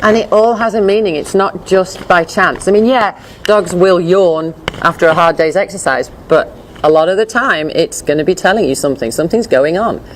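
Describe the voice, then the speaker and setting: Give me a chatty, animated woman with a low-pitched voice teaching a class. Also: normal speed, a little hiss or hum. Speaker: dog behavior instructor. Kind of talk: informal lecture with slides.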